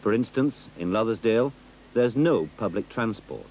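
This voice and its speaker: Man narrating a documentary, lively intonation. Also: lowish voice, moderate pace, slight background noise. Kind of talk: scripted narration.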